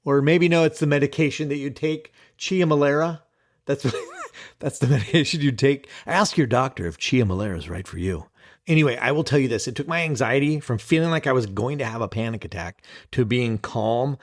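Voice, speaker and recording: A man's voice: medium pitch, no echo, studio quality. A man hosting a casual solo podcast as an ADHD coach, playful and self-deprecating, often giggling and restarting his sentences.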